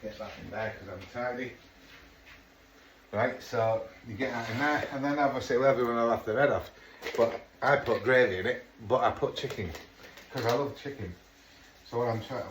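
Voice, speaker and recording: In his home kitchen, a middle-aged English man with a medium-pitched voice talks at normal speed while cooking, casually chatting for a vlog and sometimes cursing under his breath. The sound is noisy and echoey, with the mic far from him.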